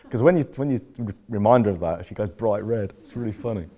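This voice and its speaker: A man's voice: fairly low pitch, fairly quick, warm tone. An older man chatting as a podcast host, telling rambling, jokey stories with plenty of swearing. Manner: rambling, profane, jokey storyteller. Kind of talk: casual chat.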